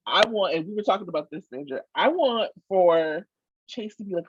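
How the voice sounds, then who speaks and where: A woman co-hosting a casual podcast chat, emphatic and animated, swearing freely. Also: on the low side, normal speed, breathy edge, no echo, dull audio. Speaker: podcast co-host.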